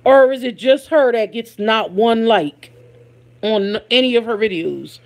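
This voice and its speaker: A woman's voice: fairly high pitch, measured pace, darkish tone. A woman hosting a casual live stream, chatting with her viewers and reading their comments aloud, laughing often. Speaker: livestream host.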